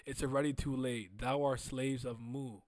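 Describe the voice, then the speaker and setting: A man reading aloud the lines of a sinister ancient ruler who speaks in archaic English, slow and solemn. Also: medium pitch, fairly even intonation, a little mellow, no room sound, lightly acted. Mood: ominous. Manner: solemn, slow, old-fashioned phrasing.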